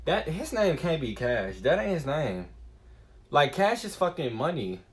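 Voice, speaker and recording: A man's voice: fairly high pitch, measured pace. A man streaming a casual, rambling monologue, cursing freely as he muses aloud. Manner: profane, animated and musing.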